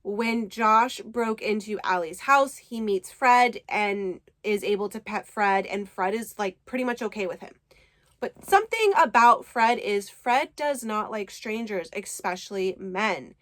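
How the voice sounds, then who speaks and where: A woman's voice: medium pitch, expressive, measured pace, fairly bright tone. A woman casually recapping a book to her viewers, chatty and enthusiastic, with the odd swear word. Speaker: book reviewer.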